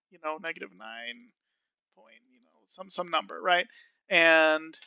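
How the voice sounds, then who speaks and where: Gravelly bright-voiced man teaching code. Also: a little high, no echo, lo-fi sound. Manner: casual and self-amused, many fillers. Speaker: programming tutor. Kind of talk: screen-recorded coding tutorial.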